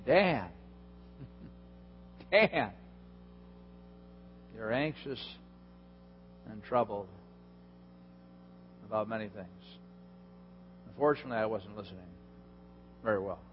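A male pastor giving a sermon in a conversational way, chuckling and asking the audience questions. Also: medium pitch. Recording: dull lo-fi in a reverberant hall with hum.

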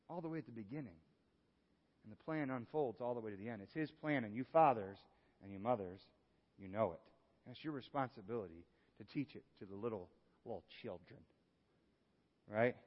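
A male pastor preaching a sermon, moving from hushed, earnest passages to lively exclamations. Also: medium pitch, a little fast, long pauses. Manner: animated, swings from hushed to exclaiming. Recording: dull sound with long hall reverb.

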